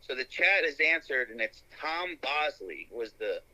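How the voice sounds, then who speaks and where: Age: adult. Sex: man. Role: podcast host. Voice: very bright. Style: casual chat. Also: mid-range voice, very animated, measured pace, poor audio. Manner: enthusiastic, rambling with restarts.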